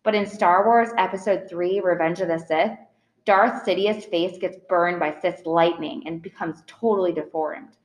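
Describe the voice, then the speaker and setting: A woman's voice: on the low side, normal speed. A woman narrating an audiobook in the first person, plain and earnest. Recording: roomy echo.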